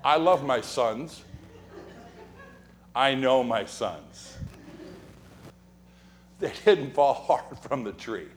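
A man's voice: medium pitch, very slow, long pauses, slight background noise. A man preaching a sermon as pastor in a church sanctuary, telling humorous stories and acting out quoted lines. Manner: animated, joking storyteller who acts out quotes and whispers.

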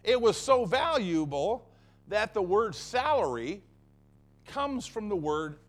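A man preaching from the pulpit, with a high voice that climbs and drops all over. He hammers his points home by repeating phrases again and again. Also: big pitch swings, slow pace. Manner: emphatic, repeating phrases for effect. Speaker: pastor. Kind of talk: sermon.

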